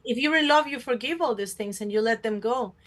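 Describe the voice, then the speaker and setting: A woman's voice: a little high, fairly quick, a bit bright. A woman hosting a talk show, telling a personal story and acting out other people's voices. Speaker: host. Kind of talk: casual talk show conversation.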